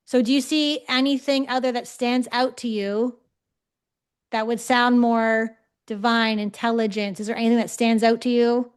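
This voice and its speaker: A woman with a slightly high voice teaches a live class over a video call. She talks in a loose, chatty way and keeps pausing to ask her listeners whether they follow. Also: flat delivery, clean tone. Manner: conversational, checks in often with 'okay?'. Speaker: psychic development teacher.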